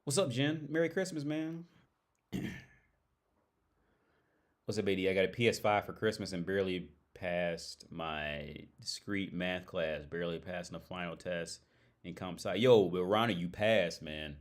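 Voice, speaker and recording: A man's voice: low-pitched, a little slow. A man hosting a livestream, telling a story in a loose, rambling way, laughing often, swearing and filling his talk with "like" and "right?". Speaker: livestream host.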